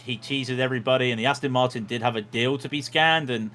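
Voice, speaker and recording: A man's voice: medium pitch, steady tone, quick pace, bright, forceful tone. A man giving chatty, jokey commentary on a sim racing livestream, with frequent restarts.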